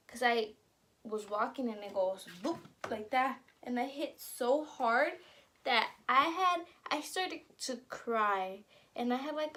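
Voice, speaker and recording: A woman's voice: fairly high pitch, fairly bright tone. A young woman casually telling stories to camera while eating, chatty and laughing along as she talks. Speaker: vlogger.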